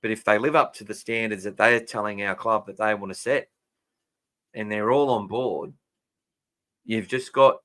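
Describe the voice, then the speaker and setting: A man's voice: on the low side, a bit bright. An Australian man hosting a casual fan podcast, chatting and answering listener comments. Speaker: podcast host.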